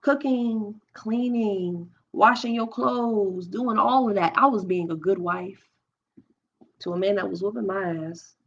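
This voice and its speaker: A woman's voice: medium pitch, a little slow. A young woman hosting a live stream at home, talking openly and emotionally through her own experiences, thinking aloud with many restarts. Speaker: livestream host. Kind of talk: candid personal talk on a live stream. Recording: dull lo-fi stream audio.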